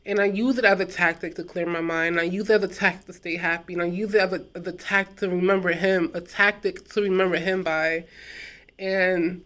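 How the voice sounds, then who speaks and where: A young adult woman vlogging casually, talking through a personal memory in a reflective, unhurried way with trailing pauses and repeated words. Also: on the low side, a bit bright. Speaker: vlogger and self-published author.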